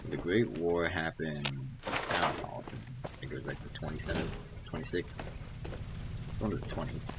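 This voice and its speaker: A man's voice: rumbling low, steady tone, normal speed, heavy background noise. A man hosting a let's play, reading in-game notes aloud in a dry way. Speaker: gaming channel host.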